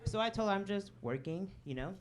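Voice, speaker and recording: Animated and a little fast, a mid-range female comic banters with a comedy club audience, tossing off "okay?" and "right?" and laughing at her own jokes. She holds a stage mic, there's a bit of hiss or hum, and crowd laughter rings out in the background.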